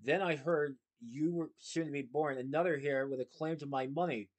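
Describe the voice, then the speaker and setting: A man's voice: a little high, normal speed, lightly acted. A man voicing a smug, wicked rich villain who snarls and sneers in a read-aloud story. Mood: sneering.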